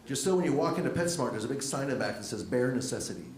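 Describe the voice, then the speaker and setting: Wry middle-aged comic, lively pitch. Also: male voice, racing, a little hiss or hum. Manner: dry, wry deadpan with lively jumps in pitch. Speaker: stand-up comedian. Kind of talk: stand-up comedy set. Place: comedy club on stage. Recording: echoey club room with audience laughter.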